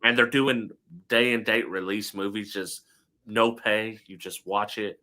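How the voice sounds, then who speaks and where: A man with a fairly low voice and a bright, punchy edge, co-hosting a relaxed podcast. He chuckles easily and keeps backing his partner up with quick replies. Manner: laid-back, chuckles often, short agreeing replies. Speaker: podcast co-host. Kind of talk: casual chat.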